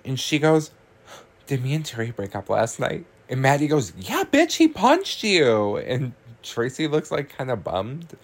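A man's voice: mid-range voice, animated, moderate pace. A man hosting a podcast, casually recapping a horror comedy with swearing, laughs and lots of "like" and "um". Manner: chatty, laughing, swears, uses filler "like" and "um". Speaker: podcast host.

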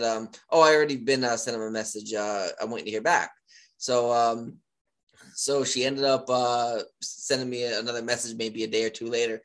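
A man's voice: medium pitch, a bit bright. Man telling a rambling story. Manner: rambling, many filler pauses. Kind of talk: casual chat.

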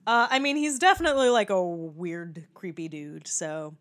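A woman's voice: lowish voice, moderate pace, fairly bright tone. A woman in a casual movie discussion, chatty and swearing freely, laughing often and acting out quoted lines. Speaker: podcast co-host.

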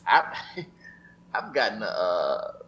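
Man, podcast co-host, casual chat, bright lively voice, animated storytelling. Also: on the low side, drawn-out words, dull audio, slight background noise.

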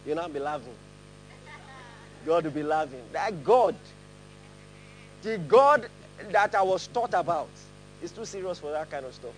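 A man's voice: fairly high pitch, lively intonation, normal speed, long pauses, a little hiss or hum, poor audio. A man preaching a sermon, laughing often and leading his congregation in reading aloud together. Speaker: pastor. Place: church hall with a congregation.

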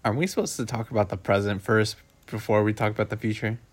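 A man's voice: fairly low pitch, fast talker. A man co-hosting a podcast in casual chat, playful and teasing. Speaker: podcast co-host.

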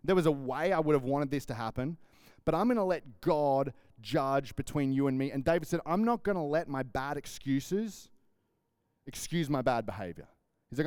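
A man preaching a sermon, telling a story and acting out the people in it with lively, conversational energy. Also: medium pitch, normal speed, clear, resonant tone, dry recording, studio quality. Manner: animated storytelling, acts out quoted lines. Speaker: pastor.

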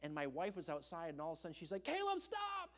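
A young man preaching, telling a personal story in an animated way and acting out the voices of the people in it. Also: a little high, rapid-fire. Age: young adult. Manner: animated, acts out voices in his stories. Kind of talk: storytelling sermon. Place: church hall. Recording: long hall reverb.

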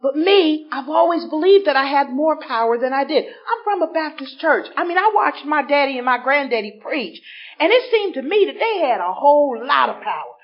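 A woman's voice: sits high, normal speed. A woman speaking at a recovery workshop, telling her story to a live audience and acting out the voices of people in it. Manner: animated, acts out voices in her stories. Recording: dull lo-fi recording.

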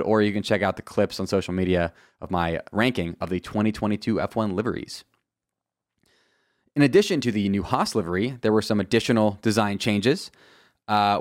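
A man talks through the news in a casual, wry commentary, sure of himself and fond of asides. His voice sits a little low. The sound is dry and close, with no room echo. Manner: chatty, wry and self-assured, with asides. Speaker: podcast host.

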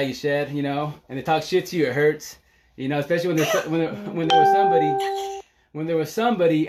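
A man's voice: on the high side, very noisy. A middle-aged man talking casually on a live stream from home, rambling and emotional, swearing freely and laughing often.

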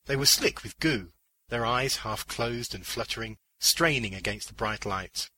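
A man reads fiction aloud in a measured, deliberate way, with a husky voice and a strikingly bright tone. His delivery is slow and low-pitched. The sound is dry and close to the mic. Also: no room sound, low-quality recording. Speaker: narrator. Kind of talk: scripted audiobook narration of fiction.

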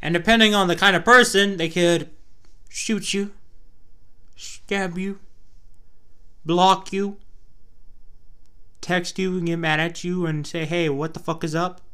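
A man's voice: sits high, steady tone, slow, long pauses, sharp tone, clean tone. A young man from Texas with a Texas twang, chatting to his viewers in a loose, rambling, profane way. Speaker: vlogger. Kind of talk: casual rambling chat to camera.

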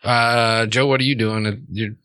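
A man's voice: on the low side, level tone, moderate pace, pushed and bright, smooth, no echo. A man narrating a tabletop game as game master, in a casual, filler-laden way.

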